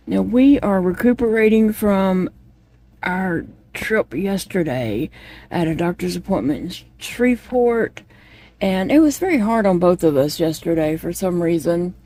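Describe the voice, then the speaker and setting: A woman's voice: medium pitch, warm tone, no room sound. A woman chatting casually to viewers while she crochets at home, rambling from one thought to the next. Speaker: vlogger.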